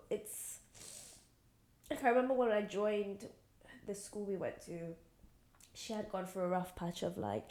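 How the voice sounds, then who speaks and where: A woman's voice: medium pitch, mellow, reverberant. A woman co-hosting a podcast, speaking in a gushing, emotional, casual way and laughing often. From Iran. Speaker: podcast co-host. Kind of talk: casual chat.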